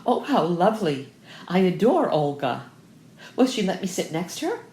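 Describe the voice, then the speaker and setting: A shrill, excitable young woman who gushes over everything, as a woman voices her. Her voice leaps high and loud, heard in a roomy, echoing space. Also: moderate pace. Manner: shrill, gushing. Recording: roomy echo.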